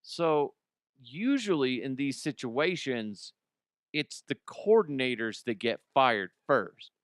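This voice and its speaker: A man's voice: medium pitch, lively intonation, slow pace, no echo, studio quality. A man hosting a solo sports podcast, ranting bluntly with swearing, often restarting and repeating words. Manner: blunt, opinionated, swears freely. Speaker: podcast host.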